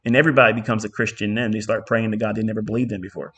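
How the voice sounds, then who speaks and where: A man's voice: on the low side, level tone, racing, fairly bright tone. A middle-aged man teaching a live trading lesson in an emphatic, profane way, with a lot of repetition. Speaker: trading mentor.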